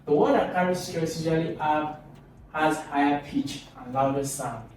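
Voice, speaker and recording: Male teacher, animated and demonstrative, mellow tone; far-off mic in a very echoey room. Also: moderate pace, slight background noise. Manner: lively, demonstrative, swoops pitch on example phrases. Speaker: English teacher. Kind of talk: recorded video lesson.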